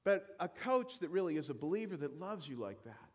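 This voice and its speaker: A man preaching a sermon in church, animated and self-deprecating, joking with the congregation. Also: a little high, a little fast, in a large hall. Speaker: pastor.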